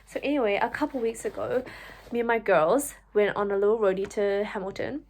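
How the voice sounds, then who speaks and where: A young woman vlogger chats to the camera about a personal story, her speech full of fillers and "like," and she gets animated when quoting herself. She talks fairly quickly at medium pitch.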